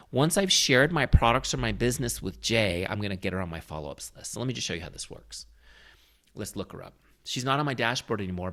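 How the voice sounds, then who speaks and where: A man with a fairly low voice talks viewers through a software tutorial, step by step. He coaches them patiently and keeps checking that they are following along. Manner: coaching tone, frequent check-ins with the listener. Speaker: software trainer. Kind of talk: screen-share tutorial walkthrough.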